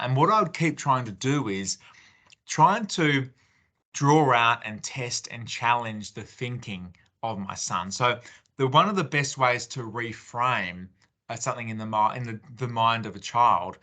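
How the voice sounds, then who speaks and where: An Australian man talks through parenting advice in a loose, conversational webinar style, often acting out what he says to his kids. His voice sits at an average pitch for a man and has a bright, clear edge. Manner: conversational, acts out parent-child exchanges with many fillers and restarts. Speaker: parenting speaker. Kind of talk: webinar talk.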